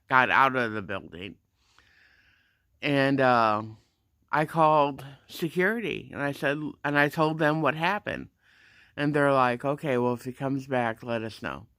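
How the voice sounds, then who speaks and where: Man at a gym desk recounting a run-in, slow and deliberate, bright clean voice, acts out each side. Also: clear, resonant tone, dry recording, studio quality. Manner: animated, acts out the dialogue with pitch jumps. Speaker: gym front desk attendant. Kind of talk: casual storytelling rant.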